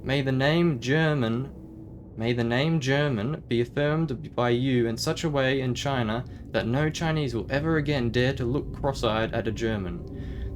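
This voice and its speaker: A man's voice: mid-range voice, unhurried, music in the background. A man casually commenting on a game as he plays, chatty and thinking aloud, sometimes reading the on-screen text. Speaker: gaming video host.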